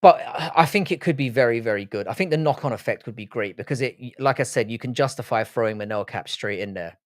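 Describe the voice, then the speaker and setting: Talking fast in a mid-range voice, a livestream host with an English accent reads comments and answers them in a blunt, sweary, casual manner. Raised in Britain with Irish roots, he's recorded in clean studio sound with no room echo.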